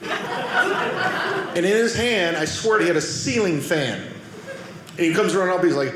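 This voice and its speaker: A man's voice: a little high, moderate pace, long pauses, fairly bright tone. A man doing a stand-up comedy set on a club stage, telling punchy, self-deprecating stories. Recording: echoey club with audience noise.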